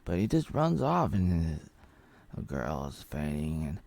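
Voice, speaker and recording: A man's voice: very deep voice, very animated, a little slow, gravelly, darkish tone, no echo. A man casually recapping an old film, rambling and joking as he retells the plot. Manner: rambling, jokey retelling with acted-out quotes. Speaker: film reviewer.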